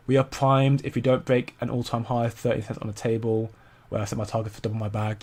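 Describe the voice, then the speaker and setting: A man's voice: medium pitch, fairly even intonation, fast, hardly any pauses, darkish tone. A young man hosting a casual crypto commentary stream, rambling with many stumbles and repeated words while reading viewer comments. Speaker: crypto channel host.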